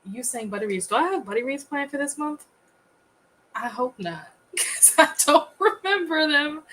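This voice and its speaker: Woman, livestream host, casual chat, chatty, laughs easily, mid pitch, faint background noise. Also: a bit bright, poor audio. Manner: chatty, laughs often, greets viewers.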